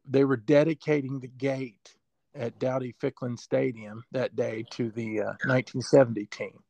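Gravelly, emotional man telling a story. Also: mid-range voice, no echo. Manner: emotional, halting with fillers. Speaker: sports information director. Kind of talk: storytelling in an interview.

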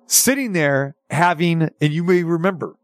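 A male talk show host telling a long story in a chatty, animated way, with lots of restarts. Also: fairly high pitch, normal speed, no room sound, clean studio sound. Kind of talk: casual storytelling chat.

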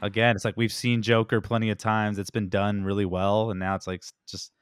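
Lower-voiced man in a dry room. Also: flat delivery, brisk, clean tone, dry recording. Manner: short quips and agreement. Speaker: podcast co-host. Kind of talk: casual chat.

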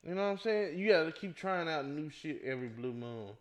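A man's voice: fairly high pitch, animated, brisk. A man talking bluntly and animatedly in a casual chat, often repeating himself to hold the floor.

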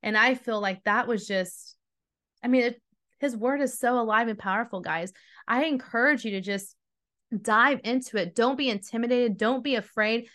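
A woman's voice: on the high side, normal speed, fairly bright tone. Earnest woman teaching the Bible. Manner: earnest and emphatic, talks straight to listeners. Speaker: podcast host and Bible teacher. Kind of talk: devotional teaching.

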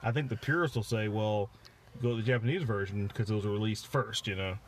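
A man's voice: on the low side, a little fast, slight background noise. A man co-hosting a casual podcast, rambling with many fillers and restarts as he chats. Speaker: podcast co-host. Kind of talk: casual chat.

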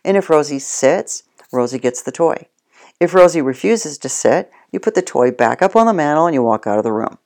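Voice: medium pitch, darkish tone. A dog trainer giving casual spoken instruction, plain-spoken and addressing the listener directly.

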